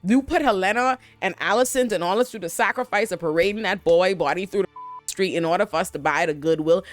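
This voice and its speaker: A woman's voice: lowish voice, quick pace, soft background music, lightly acted. Woman putting on an exasperated old royal advisor. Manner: profane, incredulous scolding. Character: exasperated elderly male royal advisor, a grandfather.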